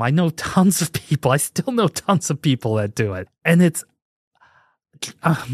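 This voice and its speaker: Male podcast host, 40s, mid-pitched, rambling jokey delivery, dry close mic. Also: no echo. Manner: rambling, joking, animated emphasis. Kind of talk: casual chat.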